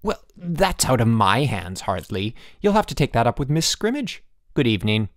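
A man's voice: mid-range voice, very animated, normal speed, dry recording, lightly acted. A man voices a stern, smug boarding-school headmaster in an audiobook. He talks in short, formal, clipped phrases. The recording is dry and close.

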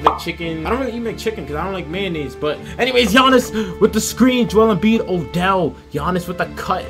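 A young man giving loud, profane play-by-play commentary over a basketball video game, shouting at big plays. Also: high voice, expressive, a little fast, over music. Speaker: gaming YouTuber.

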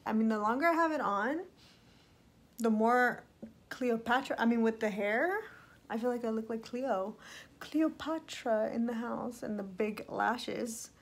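A woman's voice: fairly high pitch, a little slow. A young woman vlogger giving a bubbly, playful makeup review, talking straight to her viewers. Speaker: beauty vlogger.

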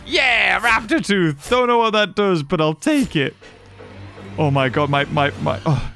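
Excitable, high-voiced gamer. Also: male voice, measured pace, faint music behind. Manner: excitable and sarcastic, with frequent exclamations. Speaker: gaming YouTuber. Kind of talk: let's-play commentary.

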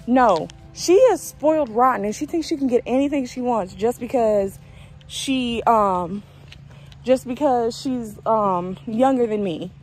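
A woman of twenty-one telling a story in a casual, animated way in a vlog. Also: fairly high pitch, unhurried, poor audio. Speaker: vlogger.

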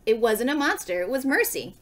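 A woman reading aloud, voicing a gentle, timid older sister who talks in a soft, fretful, polite way. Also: on the high side, big pitch swings, brisk.

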